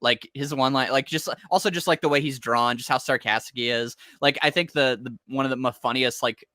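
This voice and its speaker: Male podcast co-host, mid pitch, bright, excitable fan energy. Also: a little fast, no echo, studio quality. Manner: enthusiastic, laughing, swears casually. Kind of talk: casual comic recap chat.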